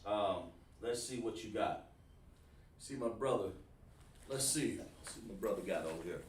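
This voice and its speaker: A man's voice: on the low side, moderate pace. Male teacher, informal, repeats himself; echoey room, mic at a distance. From South Carolina, USA. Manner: informal, repeats words, talks to students by name. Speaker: Hebrew class teacher. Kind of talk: online class lesson.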